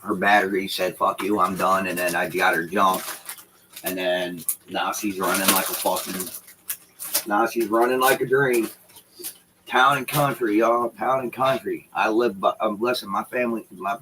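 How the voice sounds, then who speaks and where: Streamer type: deep-voiced man, forceful delivery, loose and profane chatter to his chat. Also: a little hiss or hum, rough recording. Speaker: livestreamer talking to chat. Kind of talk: casual livestream chat. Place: home room with shelves behind him. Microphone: computer setup with dual screens.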